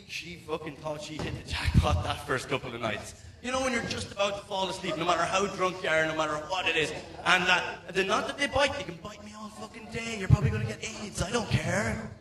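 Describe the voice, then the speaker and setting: A man in his thirties with an Irish accent doing a stand-up comedy set, profane and rambling, stumbling over restarts. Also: sits high. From Ireland. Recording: echoey room, mic at a distance.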